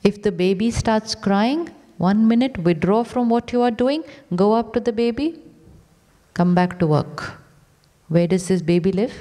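A woman's voice: mid-range voice, measured pace, warm tone. A woman spiritual teacher giving an inspirational talk on stage, using short repeated commands and rhetorical questions. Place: large theatre. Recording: long theatre reverb.

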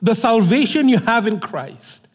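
Animated male preacher in a reverberant church. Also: high voice, unhurried, husky. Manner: animated storytelling, acting out both sides of a conversation. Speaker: pastor. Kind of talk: sermon. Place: church sanctuary. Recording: long hall reverb.

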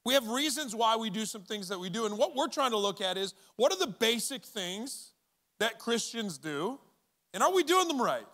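A male pastor giving a sermon in a casual, animated way, acting out bits of dialogue for his church audience. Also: very high voice, moderate pace. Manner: conversational and animated, acting out quoted voices.

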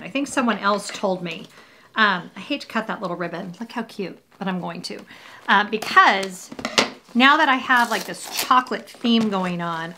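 A woman's voice: on the high side, bright, forceful tone, slight background noise. A woman hosting a casual unboxing video, talking in a cheerful, rambling way and joking about herself. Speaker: vlogger host.

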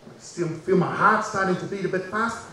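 A man performing a personal story aloud, dramatic and full of pauses, acting out the people in it. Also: high voice, sharp tone. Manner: dramatic, acts out voices and pauses. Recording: echoey room from far off with faint background noise.

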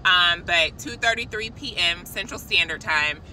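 Woman preaching to her followers from the car, super bright voice, faint traffic outside. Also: on the low side, unhurried, low-quality recording. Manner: excited, preachy, addresses viewers as y'all. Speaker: christian vlogger. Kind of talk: casual spiritual vlog. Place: parked car outside a shop.

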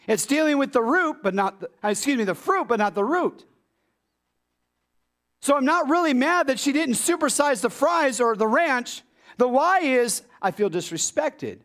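In a church sanctuary, a pastor with a high voice delivers a sermon. His preaching is animated, full of rhetorical questions aimed at the congregation.

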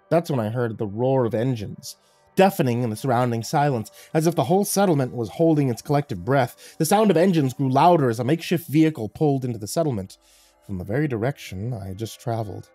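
A man's voice: medium pitch, lively intonation, brisk, warm tone, no room sound. A man reading a horror story aloud in a dramatic storytelling manner. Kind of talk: scripted horror narration. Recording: faint music underneath.

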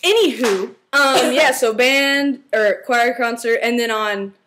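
A young woman co-hosting a casual vlog, bubbly and teasing, with quick interjections. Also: on the high side, background noise. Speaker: vlog co-host. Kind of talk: casual chat.

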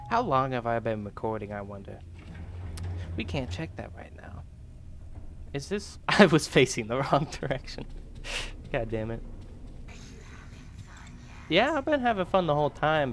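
Casual young man gaming, laughing and swearing. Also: medium pitch. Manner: casual, swearing, laughs often, reads in-game notes aloud. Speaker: gaming YouTuber. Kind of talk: let's play commentary.

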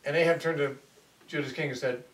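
A man's voice: a little high, steady tone, a little fast, fairly bright tone. A man teaching a Bible lecture, retelling a scripture story in a conversational way and correcting himself as he goes. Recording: echoey room, voice from far off, faint noise.

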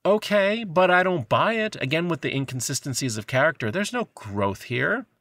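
A man co-hosts a movie review podcast with a bright, forward voice. He talks in an animated, sarcastic way and keeps slipping into mocking voices for the characters. The sound is dry and close. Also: on the high side, moderate pace, no room sound. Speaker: podcast co-host. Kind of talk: casual movie review chat.

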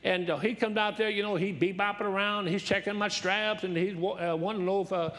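A man's voice: sits high, fairly even intonation, brisk, a bit bright. An older man preaching as a guest, telling folksy, rambling stories and laughing at them. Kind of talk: sermon with storytelling.

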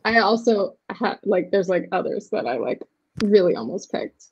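A woman's voice: medium pitch, lively intonation, moderate pace, dull audio. A woman guest in casual panel chat, talking loosely and at length over a video call. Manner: chatty, full of fillers like "like".

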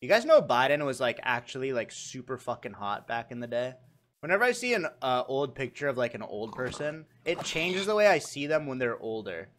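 A man's voice: medium pitch, very animated, fairly quick, fairly bright tone, slight background noise. A young man streaming and chatting casually, rambling and swearing. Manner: rambling, swearing, laughing at own jokes.

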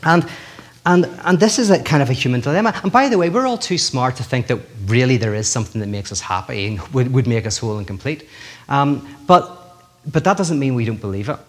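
A middle-aged man giving a public lecture in a lively, joking way, often restarting his sentences. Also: mid-range voice, a little fast. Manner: animated, joking, many restarts.

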